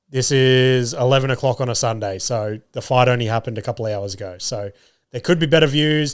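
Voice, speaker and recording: A young Australian man hosting his own podcast, chatting casually and swearing freely. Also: medium pitch. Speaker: podcast host. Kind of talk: casual solo podcast chat.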